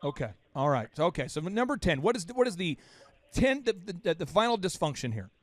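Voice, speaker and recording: A man hosting a business podcast, animated and teasing, often cutting in with questions. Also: high voice, fairly quick, no echo. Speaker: podcast host. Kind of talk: casual business podcast chat.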